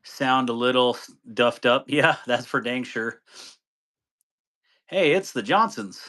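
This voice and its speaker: A man's voice: mid-range voice, lively intonation, takes it slowly, sharp tone. A man hosting a casual live stream, greeting viewers by name, chatting loosely and laughing easily.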